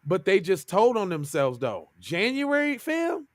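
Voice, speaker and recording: Lively high-voiced podcast host. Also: male voice, unhurried, no room sound. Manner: animated, exclaiming, slangy. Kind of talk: casual reaction commentary.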